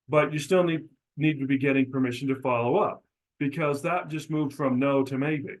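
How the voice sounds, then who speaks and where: A middle-aged man, a real estate broker, teaching agents how to introduce themselves at the door, acting out sample lines as he goes. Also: rough recording. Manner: coaching, demonstrates scripts aloud with pitch changes. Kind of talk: instructional talk.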